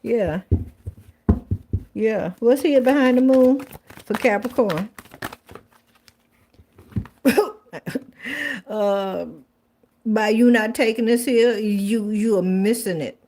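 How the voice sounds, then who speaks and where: A woman's voice: a little high, slow pace, pauses often, warm tone, a little hiss or hum. A woman giving a casual tarot reading to viewers, chatty and blunt. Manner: chatty, blunt, swears, colloquial, repeats phrases. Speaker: tarot reader.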